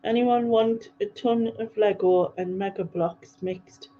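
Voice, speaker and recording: A woman's voice: medium pitch, steady tone, slow. A woman hosting a livestream, casually rambling through viewer comments with frequent ums and laughs. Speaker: livestream host. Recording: dull lo-fi livestream audio.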